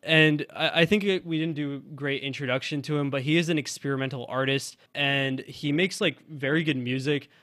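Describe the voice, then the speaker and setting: A man's voice: a little high, fairly even intonation, a little fast, few pauses, a bit bright, no echo, clean studio sound. A man who co-hosts a college radio podcast, chatting loosely about music with lots of fillers and restarts. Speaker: college radio sports director and podcast co-host.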